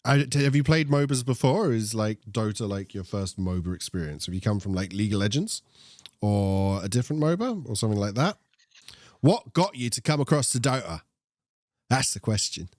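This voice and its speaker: A man's voice: fairly low pitch, lively intonation, a little fast, darkish tone, no echo. Joking young British man with a posh accent. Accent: posh British English. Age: young adult. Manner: joking, rambling, prone to tangents. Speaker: co-host. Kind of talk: casual esports chat.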